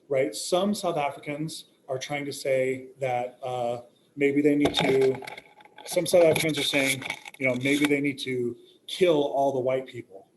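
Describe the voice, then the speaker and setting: A male teacher lecturing a class, joking and checking in with "right?" and "okay?", recorded from a distance in a classroom. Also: medium pitch. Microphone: recording device some distance away. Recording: roomy classroom echo, faint hum.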